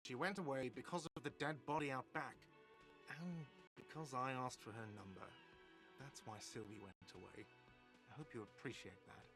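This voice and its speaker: A man plays a prickly cafeteria manager in a video game, curt and defensive in every reply. His voice sits at an ordinary middle pitch, and faint music hangs behind him. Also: moderate pace, natural voice. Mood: irritated. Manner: defensive, curt, put-upon. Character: irritable middle-aged man running a cafeteria.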